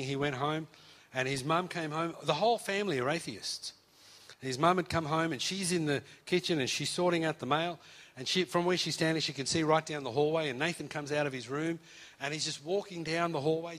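Man telling a lively testimony. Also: a little high. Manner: animated, acts out quoted voices. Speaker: preacher. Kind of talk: storytelling testimony.

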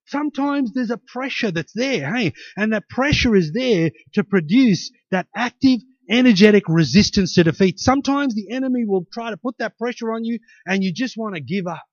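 A man's voice: high voice, expressive, normal speed, hardly any pauses, no echo, lo-fi sound. Middle-aged man preaching a sermon. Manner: conversational storytelling with rising emphatic peaks. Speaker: pastor.

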